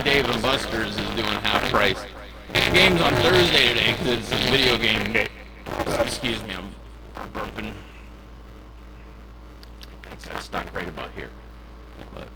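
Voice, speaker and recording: A man's voice: lowish voice, heavy background noise. A hungover male comedian rambling sarcastically about his night and laughing at himself. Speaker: comedian vlogger. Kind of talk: casual rambling vlog monologue.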